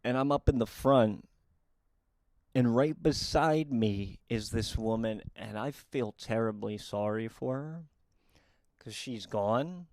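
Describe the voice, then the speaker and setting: A young man telling comic true stories in a quick, deadpan and wry way. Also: medium pitch, dry recording, clean studio sound. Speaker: comedic storyteller. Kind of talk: storytime comedy monologue.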